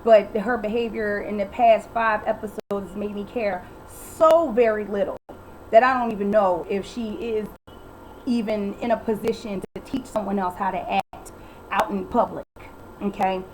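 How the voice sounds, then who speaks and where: A woman ranting bluntly through a casual recap, sarcastic and exasperated, often swearing and quoting others in quick put-on voices. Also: mid-range voice, steady tone, darkish tone, slight background noise, rough recording. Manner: acts out others' lines in quick quoted voices. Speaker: reality TV recap vlogger.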